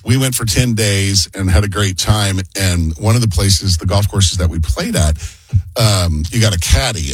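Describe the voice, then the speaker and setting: A man's voice: fairly low pitch, husky, dry recording. A man co-hosting a radio show, telling stories in a laid-back, casual way. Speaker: radio co-host.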